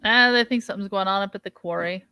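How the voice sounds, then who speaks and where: A woman's voice: medium pitch, quick pace, sharp tone, clean tone, no room sound. A woman playing a tabletop game, laid-back and offhand. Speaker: player.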